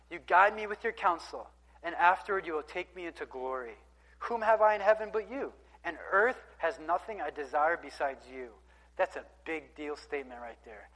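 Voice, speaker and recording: A man preaching a sermon, talking through scripture in a relaxed, conversational style with emphatic bursts. His voice sits a little high for a man. It rings out with a long reverb, as in a large hall. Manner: conversational, emphatic, reads scripture aloud with asides.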